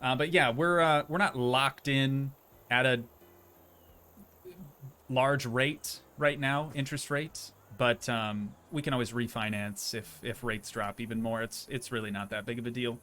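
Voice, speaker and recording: A man's voice: mid-range voice, steady tone, measured pace, bright, forceful tone. A young man chatting casually as he streams a game, rambling and poking fun at himself. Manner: rambling, chatty, self-deprecating. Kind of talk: casual gameplay commentary.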